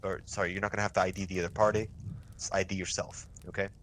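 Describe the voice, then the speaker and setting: Low-voiced young man teaching radio drills. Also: rapid-fire, slight background noise. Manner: relaxed, loose, swears casually, many restarts. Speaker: milsim instructor. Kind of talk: casual training session.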